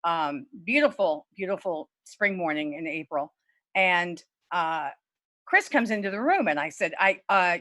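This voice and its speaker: A middle-aged woman from Louisiana telling a true personal story at a story slam over a video call, candid and swearing freely, her voice leaping high when she quotes herself. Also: lively intonation, measured pace, bright, forceful tone, no echo. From Lafayette, Louisiana. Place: home, virtual event.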